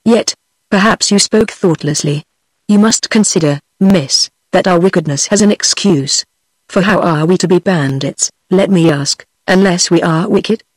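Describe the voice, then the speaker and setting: A woman's voice: on the low side, unhurried, husky, dry recording. A woman with a British English accent, a synthetic voice, reading the lines of a pompous, courteous Italian bandit man in a storybook. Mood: grand. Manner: formal, flowery speech.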